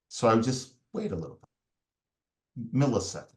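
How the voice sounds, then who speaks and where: A man's voice: mid-range voice, big pitch swings, normal speed. A man, a performance coach, explaining a method step by step in a podcast interview and briefly acting out the voices of people in the story. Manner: explains step by step, acts out angry inner voices.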